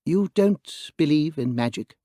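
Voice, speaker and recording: A mild little priest with a low, dreamy voice, as a male narrator puts him on in a storybook reading. His speech rises and falls with lively swings, quiet yet intense, heard close and dry. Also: measured pace, no echo. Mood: earnest, insistent.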